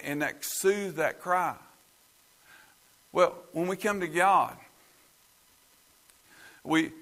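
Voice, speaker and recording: Fervent high-voiced preaching man. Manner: fervent preaching that swings from loud pleading to quiet talk, with many restarts. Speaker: pastor. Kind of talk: sermon. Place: church.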